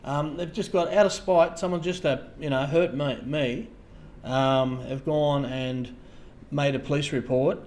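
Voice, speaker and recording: An Australian man hosting a casual livestream, talking to viewers in a halting way, repeating words and trailing off softly. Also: on the high side, fairly even intonation, a little hiss or hum. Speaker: livestream host.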